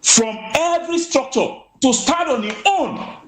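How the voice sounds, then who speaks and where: A man's voice: extremely high pitch, expressive, measured pace, reverberant. A man with a Nigerian Pidgin accent speaking as a guest in casual commentary, emphatic with stammering restarts.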